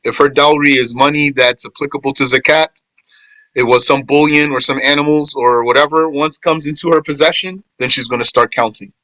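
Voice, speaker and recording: Quizzing his students and answering their replies, this man teaches Islamic law informally, repeating points and fixing wording along the way. His slightly high voice is fairly even in intonation, a little fast, pushed and bright, in a dry, poor-quality recording.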